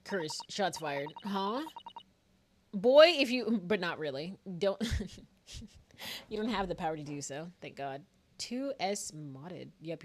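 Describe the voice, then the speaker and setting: Woman streamer chatting live over a game, laughs a lot, swears, pitch jumps all over. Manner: playful, laughing, swearing, bantering with chat.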